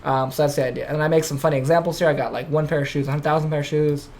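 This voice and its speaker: Guy hosting a podcast, talks super fast, swears a ton, faint hum behind. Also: fairly high pitch. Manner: profane, excitable storytelling. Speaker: podcast host. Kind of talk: casual chat.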